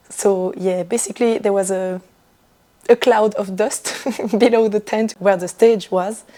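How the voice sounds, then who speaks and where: A young woman vlogging about knitting in casual chat, her voice hoarse and broken from losing it, laughing often as she talks. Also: medium pitch, dark tone. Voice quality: rough, broken voice. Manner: laughs often, chatty and self-mocking. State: hoarse, lost voice.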